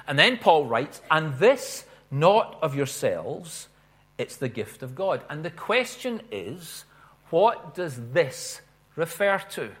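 Earnest guy preaching, slows way down to hit the big words. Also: fairly high pitch, sing-song, a bit bright. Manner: earnest, with emphatic swells and slowed stressed phrases. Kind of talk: sermon.

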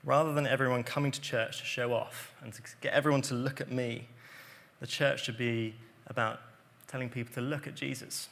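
A man preaching a sermon, explaining scripture earnestly and dropping to quiet emphasis on key points. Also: medium pitch, fairly even intonation, fairly quick, vocal fry.

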